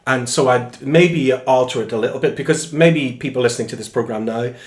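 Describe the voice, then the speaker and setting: A singer-songwriter with a Northern Irish accent, telling lively anecdotes in a relaxed interview at home. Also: male voice, mid-range voice, a little fast. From Northern Ireland. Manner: lively storyteller, acts out quoted voices. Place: room in his home. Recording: echoey room.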